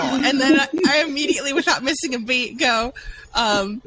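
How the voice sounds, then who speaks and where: A woman with a bright, crisp voice pitched a bit high chats loosely on a podcast. She backtracks and corrects herself as she talks. A faint hiss sits under her voice. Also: fairly quick, poor audio. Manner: chatty, loose, backtracking mid-story. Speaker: podcast co-host. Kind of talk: casual chat.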